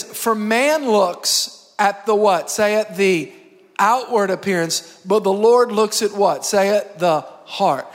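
High-voiced animated male preacher. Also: in a large hall. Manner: animated preaching with call-and-response. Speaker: pastor. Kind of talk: sermon. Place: church sanctuary.

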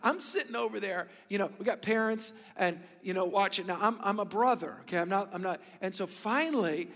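A man in his thirties preaching a sermon, telling stories with bursts of loud emphasis and hushed, whispered asides. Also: high voice, brisk, long reverb tail. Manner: animated storytelling, swings between loud emphasis and hushed whispers. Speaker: pastor.

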